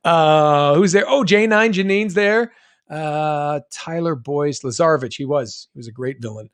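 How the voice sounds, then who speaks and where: A man's voice: on the high side, measured pace, clean tone. A middle-aged man from New England chatting casually on a live stream, reading fan comments and rambling with frequent restarts. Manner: rambling, self-interrupting, reads fan comments aloud. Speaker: voice actor answering fan questions on a live stream.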